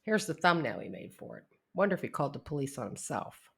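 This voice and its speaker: A man's voice: fairly high pitch, big pitch swings, fast talker, creaky, fairly bright tone, slightly rough. A man reading out a string of text messages aloud, adding blunt, profane asides of his own. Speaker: commentary narrator.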